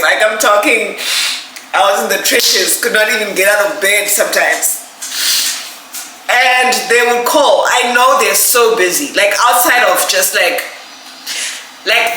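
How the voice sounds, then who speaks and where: A woman's voice: medium pitch, pushed and bright. A young woman, unboxing gifts in a casual vlog, gushing, emotional and laughing often. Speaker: vlogger. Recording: echoey room, background noise.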